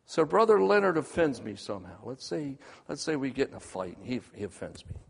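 A man preaching a sermon, swinging between hushed, quiet passages and loud, emphatic ones. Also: medium pitch, sing-song, a little fast, vocal fry, slightly rough, long reverb tail.

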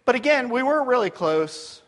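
A man's voice: very high voice, sing-song, normal speed. A middle-aged man preaching, telling a personal story with many asides and restarts. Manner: rambling storyteller, drops to quiet tones for serious moments.

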